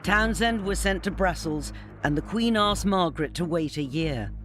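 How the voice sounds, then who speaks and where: Male documentary narrator, measured and scripted, over music. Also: sits high. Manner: measured, even storytelling.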